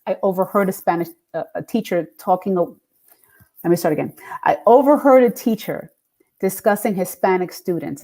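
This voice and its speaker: Middle-aged woman guest, lively storyteller, mid-range voice, plays out quoted lines. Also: medium pitch. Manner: animated, acts out quoted voices with laughs. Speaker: guest, singer and radio DJ. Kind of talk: casual interview storytelling.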